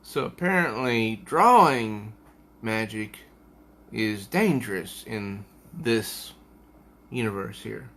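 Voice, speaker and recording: A man reviews a comic book in a relaxed, unhurried way and reads passages aloud as he goes. His voice is bright and forward, and he often pauses to think mid-sentence. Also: on the low side. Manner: unhurried, musing, with hesitations.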